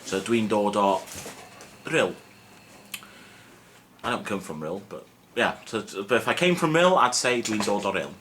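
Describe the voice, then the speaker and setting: Young man, bright forceful voice, lowish pitch, relaxed chatty teaching, faint hiss behind. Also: a little slow, pauses often. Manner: relaxed, self-mocking, chatty with many fillers. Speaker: Welsh language teacher. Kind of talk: casual video lesson. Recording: faint background noise.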